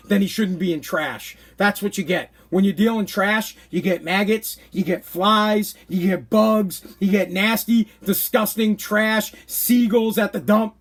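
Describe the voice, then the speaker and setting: Podcast host, man in his thirties, high voice, worked-up casual rant. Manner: animated, exasperated ranting. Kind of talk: casual ranting monologue.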